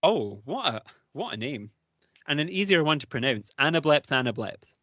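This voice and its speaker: A man's voice: a little high, sing-song, moderate pace, bright, forceful tone, dry recording, highs cut off. A British man co-hosting a podcast, talking in an enthusiastic, rambling way and laughing often. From United Kingdom. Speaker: podcast co-host. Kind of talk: casual chat.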